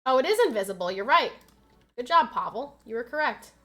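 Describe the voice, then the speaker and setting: A woman's voice: on the high side, expressive, a little fast. An American young woman streaming a game, chatting casually, reading chat aloud and turning frantic when the action heats up. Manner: chatty, reads chat aloud, gets loud and frantic in fights. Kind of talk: casual live-stream chat while gaming.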